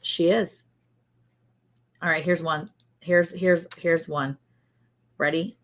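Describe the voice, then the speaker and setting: A woman's voice: lowish voice, steady tone, slow pace. A woman hosting a casual livestream, quizzing her co-host and reading viewer comments aloud. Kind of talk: casual chat, running a guessing game.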